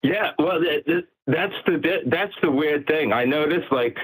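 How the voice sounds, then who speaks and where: A man's voice: on the high side, measured pace, husky, low-quality recording. A middle-aged man calling into a talk show, chatting casually and stammering as he starts his points. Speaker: caller. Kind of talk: casual phone-in chat.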